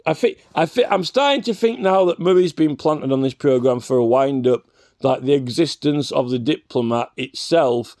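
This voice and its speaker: A man's voice on the high side, a little mellow, comes through a dry, studio-quality recording. He's a reaction vlogger whose ranting commentary keeps challenging the man he's arguing with, full of stammers and restarted sentences.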